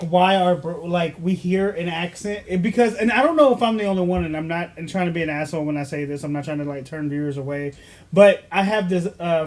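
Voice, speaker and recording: A man's voice: sits high, a little mellow. A man co-hosting a casual podcast chat, teasing and pushing the others in a jokey way. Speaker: podcast co-host.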